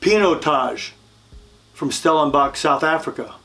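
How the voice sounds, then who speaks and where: A man presenting a wine lesson in a friendly way, often repeating words and pausing on fillers. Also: a little high, lively intonation, pushed and bright, faint music behind. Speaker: wine educator. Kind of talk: instructional video presentation.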